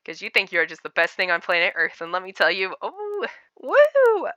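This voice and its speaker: Bright, crisp-voiced woman doing blunt commentary. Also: on the low side, level tone, quick pace, dry recording. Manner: blunt, sarcastic, frequent filler words. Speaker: commentary YouTuber. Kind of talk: casual reaction commentary.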